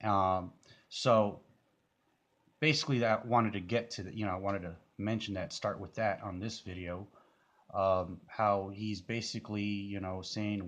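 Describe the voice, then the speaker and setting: A man's voice: on the low side, fairly even intonation, unhurried, fairly bright tone, muffled recording. A man giving casual, rambling commentary on a music video, full of fillers and restarts.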